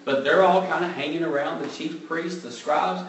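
A man giving a conversational Bible teaching, relaxed and thinking aloud, openly admitting what he is unsure of. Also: fairly high pitch, normal speed. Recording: very echoey room, mic far off, faint background noise.

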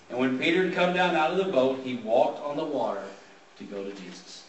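A man's voice: mid-range voice, lively intonation, fairly quick, slight background noise. Man preaching a sermon from afar. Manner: conversational, reading scripture aloud and explaining it. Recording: roomy sound from a distant mic.

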